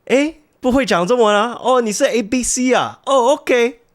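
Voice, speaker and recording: A man putting on a high sing-song shop auntie. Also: moderate pace. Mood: doting. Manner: sing-song, fussing over a child.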